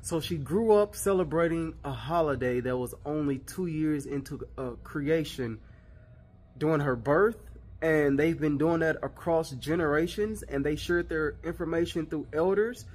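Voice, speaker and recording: A man's voice: a little high, normal speed, a little mellow. A man vlogger giving casual skeptical commentary, loose and full of fillers.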